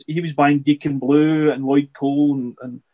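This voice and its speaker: A middle-aged man, a podcast guest, chatting casually and rambling with halting restarts and repeated words. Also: fairly high pitch, little pitch movement, dark tone, highs cut off. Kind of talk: casual interview chat.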